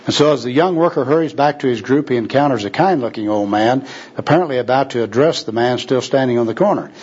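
Folksy husky-voiced preacher. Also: male voice, mid-range voice, fast talker, darkish tone. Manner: folksy, conversational. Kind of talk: sermon storytelling. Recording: dull lo-fi recording.

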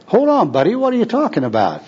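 A man's voice: medium pitch, huge pitch swings, normal speed, darkish tone, breathy edge, full character voice. A man doing a wisecracking skid-row bum. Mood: skeptical. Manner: wisecracking, puzzled. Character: bleary-eyed male bum, skeptical and gruff. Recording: dull lo-fi recording.

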